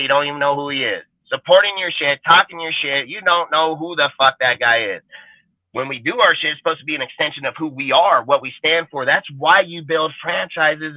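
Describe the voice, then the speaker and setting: A man's voice: a little high, no echo. A man hosting a fan show, ranting in a heated, profane, emphatic way. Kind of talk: livestream rant. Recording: dry phone-like audio.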